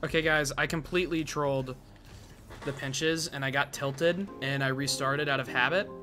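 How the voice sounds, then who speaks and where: A man giving casual, excitable gameplay commentary full of gamer slang. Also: fairly high pitch, moderate pace, soft background music. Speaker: gaming content creator.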